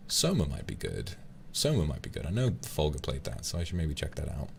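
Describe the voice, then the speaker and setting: Very deep man, streamer, rambling playful chat, faint background noise. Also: wildly swooping pitch, a little fast, vocal fry, a little mellow. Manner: rambling, playful, laughs often.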